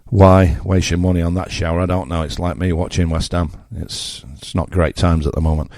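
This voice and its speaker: A low-voiced older Englishman with a Yorkshire accent hosts his radio slot, blunt and mocking as he talks straight to listeners. His tone is dark and mellow, and the recording is close and dry with no room sound. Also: level tone, fairly quick, dry recording. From England. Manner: blunt, mocking, conversational with asides. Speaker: radio presenter. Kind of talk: opinionated radio monologue.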